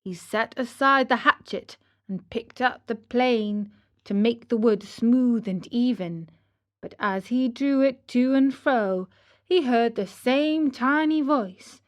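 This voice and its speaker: A woman narrating a children's audiobook in a slow, gentle storytelling manner. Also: fairly high pitch, muffled recording.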